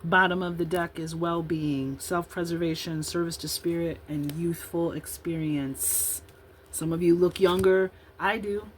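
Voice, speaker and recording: A woman's voice: on the low side, fairly even intonation, unhurried, slight background noise, low-quality recording. A woman in her fifties from Illinois giving a casual tarot reading, chatting and rambling in asides between the cards she reads aloud. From Illinois, USA. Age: 50s. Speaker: tarot card reader.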